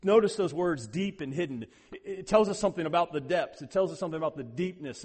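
A man preaching a sermon as a pastor, building to loud emphatic peaks and then dropping low, often repeating words for emphasis. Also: expressive, quick pace, few pauses, slightly rough, in a large hall.

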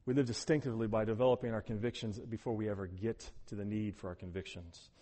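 A man preaching a sermon as pastor, animated, swinging between hushed, soft passages and loud, emphatic ones. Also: lowish voice, quick pace, long reverb tail.

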